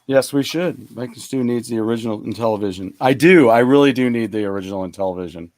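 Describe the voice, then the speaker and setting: A man's voice: medium pitch, quick pace, darkish tone, no echo, studio quality. A man co-hosting a casual gaming stream chat, rambling with lots of fillers. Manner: chatty, rambling with many fillers. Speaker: co-host.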